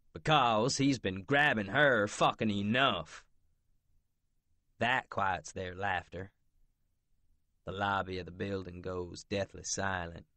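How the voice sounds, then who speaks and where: A man's voice: sits low, pushed and bright, no echo. A man narrating a romance audiobook in first person, blunt and brooding, with profanity.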